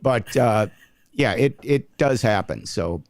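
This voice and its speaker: A man's voice: mid-range voice, animated, slow pace, no echo, studio quality. A man co-hosting a casual hockey podcast, chatting and giving folksy tips to listeners. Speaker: podcast co-host. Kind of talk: casual chat.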